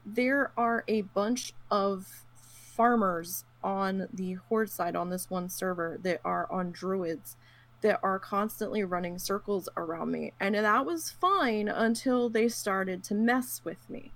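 Gravelly-voiced woman telling a lively story. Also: medium pitch, slow. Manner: animated storyteller who acts out quotes; frequent fillers and laughs. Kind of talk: casual chat about gaming.

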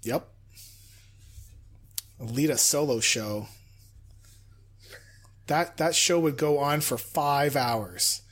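A man's voice: medium pitch, very slow, pauses often, a bit bright. A man co-hosting a gaming podcast, rambling and joking with frequent stammers. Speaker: podcast co-host. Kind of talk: casual podcast chat.

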